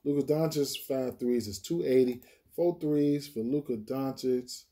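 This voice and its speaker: A laid-back man with a dark, mellow voice talks through his sports bets. His chat is loose and profane, full of fillers, as he thinks aloud from pick to pick. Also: mid-range voice, measured pace. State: hiccuping. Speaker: sports betting channel host. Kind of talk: casual betting picks breakdown.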